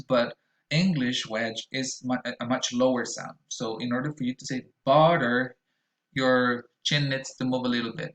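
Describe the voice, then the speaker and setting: A man teaching English pronunciation in a recorded lesson, saying example words slowly and repeating them with stretched vowels. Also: mid-range voice, a bit bright.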